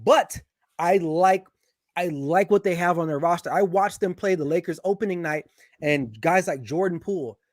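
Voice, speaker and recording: A man guesting on a sports show, giving strong opinions in casual, animated chat, often restarting his sentences. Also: high voice, moderate pace, dry recording, studio quality.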